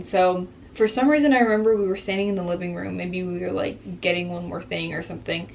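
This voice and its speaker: A woman's voice: lowish voice, steady tone, fast talker, creaky, hardly any pauses. A woman in her twenties telling a personal story in a candid vlog, reflective and openly emotional. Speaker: vlogger.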